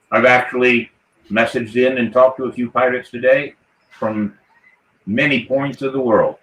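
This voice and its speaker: A man hosts a live podcast as a jolly pirate captain, rallying and toasting his crew in a hearty voice. His voice sits at a middle pitch. The room around him is noticeably echoey. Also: fairly bright tone. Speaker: podcast host. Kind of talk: live podcast chat in a playful pirate persona.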